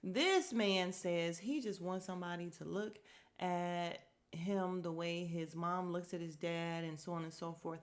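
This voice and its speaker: A woman's voice: fairly low pitch, a little slow. A woman hosting a podcast, chatting casually and gossiping through a reality show recap, talking to her listeners with fillers and asides. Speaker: podcast host.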